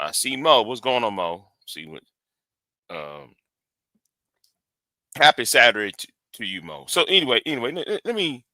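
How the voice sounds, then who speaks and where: A tired man chats casually on his live stream, drawling slowly with lots of ums and false starts. His voice is bright and smooth, a little low, and the sound is dry and close. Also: dry recording. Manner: rambling, halting, many fillers and restarts. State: tired, yawning after work.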